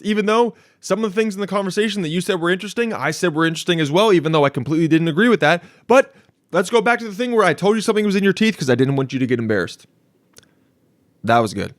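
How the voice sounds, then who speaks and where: A young man hosting a casual podcast, telling a story in a rambling, animated way, swearing now and then and acting out what people said. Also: sits high, fast talker, no echo, studio quality. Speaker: podcast host. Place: studio.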